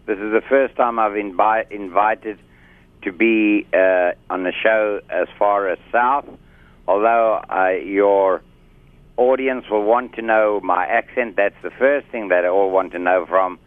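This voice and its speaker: A man's voice: fairly low pitch, measured pace, no room sound. A man with a South African accent, a guest doctor in a radio interview, talking in a formal, chatty, self-assured way. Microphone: phone line. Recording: tinny phone line.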